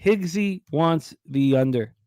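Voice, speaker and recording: A man with a slightly high voice hosts a sports betting show, reading off game stats and drifting into rambling stories. The sound is close and dry, with no room around it. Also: slow pace, darkish tone, no echo. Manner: rambling, reads stats and tells comedy stories. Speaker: sports betting radio host. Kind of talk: casual sports betting talk.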